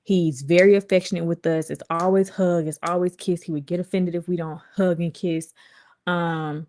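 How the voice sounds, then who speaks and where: Casual woman vlogger, lowish voice, chatty and rambling. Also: a little mellow. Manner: chatty and candid, rambling with frequent asides and quoted voices. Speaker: vlogger and livestream host. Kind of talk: casual chat to viewers.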